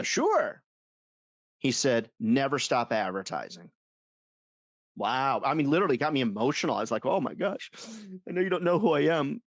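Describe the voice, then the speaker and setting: A man leading a sales webinar for advertising reps, telling stories in an animated, self-amused way. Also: medium pitch, no room sound. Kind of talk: webinar talk.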